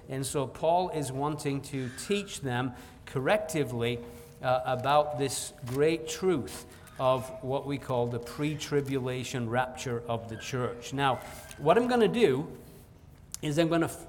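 A man preaching an evening Bible teaching sermon, earnest and emphatic, with frequent "uh" fillers and asides. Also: on the high side. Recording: long hall reverb.

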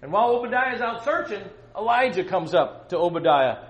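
A man teaching a Bible lesson to young students, telling the story with animated rhetorical questions. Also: high voice, brisk, dull audio. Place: room with students. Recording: roomy echo.

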